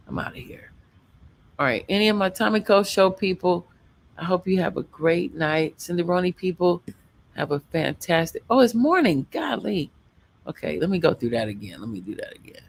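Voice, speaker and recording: Slow, gravelly-voiced man rambling on a stream. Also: on the high side. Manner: rambling, loose sign-offs, talks to chat. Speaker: livestream guest and show host. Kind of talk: casual late-night livestream chat.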